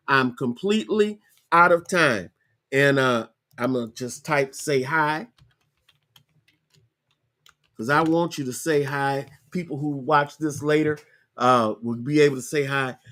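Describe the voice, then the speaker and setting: A man's voice: fairly high pitch, bright, forceful tone. Chatty man walking through a screen tutorial. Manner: chatty, repeats himself, spells things out slowly. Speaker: podcast host. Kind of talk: casual screen-share tutorial.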